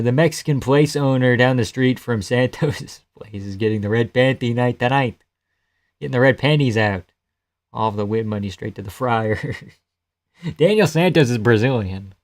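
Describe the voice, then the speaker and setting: A young man hosting a live fight reaction stream, reading chat aloud, swearing and laughing often as he jokes. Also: medium pitch. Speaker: livestream host.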